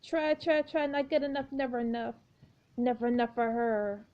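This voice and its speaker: A woman's voice: a little high, normal speed, highs cut off, natural voice. A woman voicing a cruel, taunting ghost girl in a mobile story game, speaking in clipped, hissing jabs. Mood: menacing.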